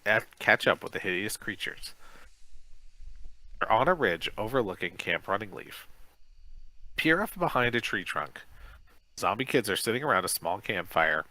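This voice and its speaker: A man with a low, bright, forceful voice reads a children's gamebook aloud for a podcast stream. He is casual and now and then trips over a word. The sound is dry and close. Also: no echo, low-quality recording. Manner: casual, stumbles over words while reading. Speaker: podcast co-host.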